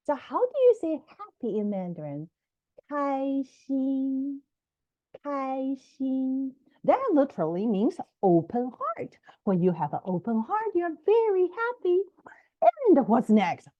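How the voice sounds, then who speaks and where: Woman author, high and very animated storybook reader, slow and deliberate, lo-fi sound. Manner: animated storybook reading with Mandarin words. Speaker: children's book author. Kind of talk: reading a picture book aloud.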